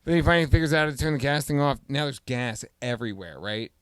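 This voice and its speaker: A man hosting a podcast, casually telling a story and acting out the voices with loud exclamations. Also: mid-range voice, animated, quick pace, smooth, no echo, studio quality. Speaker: podcast host.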